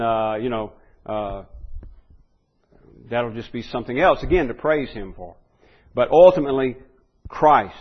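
A man teaching a conversational sermon, trailing off into soft asides and stumbling over repeated words, then pushing up to loud emphatic peaks. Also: mid-range voice, dull audio. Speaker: preacher teaching a Bible study.

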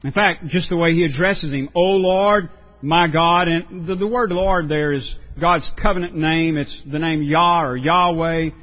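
A pastor preaching a sermon, earnest and emphatic, often repeating words for stress. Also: male voice, on the high side, measured pace, lo-fi sound.

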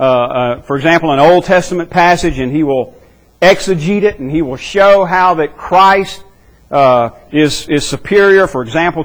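Earnest, fairly high-voiced male preacher. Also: rough recording. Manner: earnest, emphatic, repeats words while finding phrasing. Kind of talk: expository sermon.

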